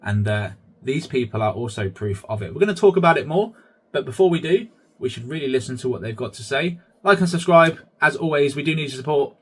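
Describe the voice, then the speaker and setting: A man's voice: fairly high pitch, lively intonation, brisk, husky. A man hosting his own vlog, chatty commentary that keeps addressing viewers as guys. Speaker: channel host.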